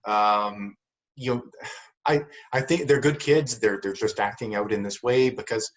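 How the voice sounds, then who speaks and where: A man's voice: lowish voice, measured pace. A man co-hosting a podcast who tells a story in an earnest, reflective way and often repeats words. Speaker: podcast co-host. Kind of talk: casual chat and storytelling. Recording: dull lo-fi sound.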